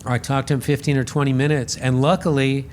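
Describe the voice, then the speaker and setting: A man guest on a podcast, telling a story in a casual, animated and self-deprecating way, acting out the voices he quotes. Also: medium pitch, brisk, a little hiss or hum. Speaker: podcast guest, radio host.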